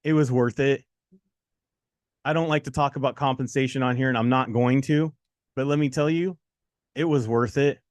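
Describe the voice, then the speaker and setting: A man co-hosting a test-prep show in casual motivational talk, telling stories with animated quotes and repeating lines for emphasis. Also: mid-range voice, moderate pace, pauses often, dry recording, studio quality.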